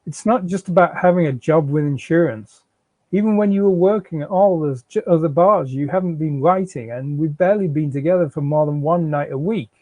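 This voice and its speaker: A man's voice: on the high side, a little fast, dark tone, no room sound, lightly acted. A man reading the part of a defensive, out-of-work young father who stammers and pleads with his wife. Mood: pleading. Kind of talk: live fiction reading.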